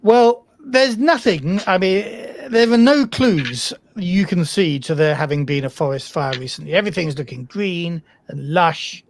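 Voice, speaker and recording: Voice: mid-range voice, unhurried, few pauses, slight background noise. A game master from the United Kingdom narrating a tabletop role-playing game, hesitant and full of fillers. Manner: hesitant, filler-heavy, self-deprecating.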